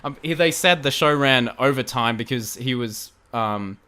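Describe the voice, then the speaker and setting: A young man with an Australian accent, telling a story in an excitable casual podcast chat, often laughing and repeating himself. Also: medium pitch, normal speed, clean tone. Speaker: guest, fan video creator.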